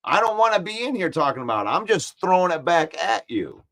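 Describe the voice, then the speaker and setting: Male sports-stream host, fairly high-pitched, animated and combative. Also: fairly quick. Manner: animated, argumentative, repeats points for emphasis. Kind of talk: casual live-stream chat, reading comments.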